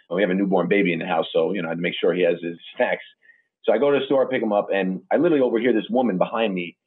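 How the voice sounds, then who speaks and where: A man's voice: sits low, husky. A man hosting a podcast, telling stories in a gushing, emotional way. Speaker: podcast host. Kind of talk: interview podcast chat. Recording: tinny phone-like line.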